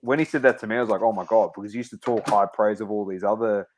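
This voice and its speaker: A man's voice: fairly low pitch, steady tone, very fast, a little hiss or hum. A man co-hosting a podcast, chatting casually, laughing and teasing his co-hosts and calling them mate. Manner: laughing, teasing banter, calls people mate. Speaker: podcast co-host. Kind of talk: casual chat.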